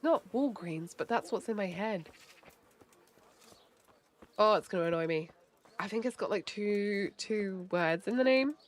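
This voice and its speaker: A woman's voice: medium pitch, measured pace, pauses often. A woman chatting casually while streaming a game, giggly and swearing freely. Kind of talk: casual livestream chat while gaming.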